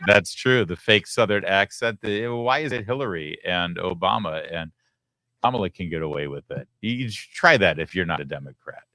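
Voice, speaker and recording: A man's voice: low voice, animated, moderate pace, pushed and bright, no room sound, rough recording. A male show host giving punchy, emphatic political commentary.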